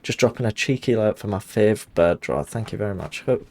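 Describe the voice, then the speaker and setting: A man's voice: fairly low pitch, expressive, a little fast, a little mellow. A man casually commenting on a game while greeting chat and laughing often. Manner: chatty, laughs easily, reads chat. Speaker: game streamer.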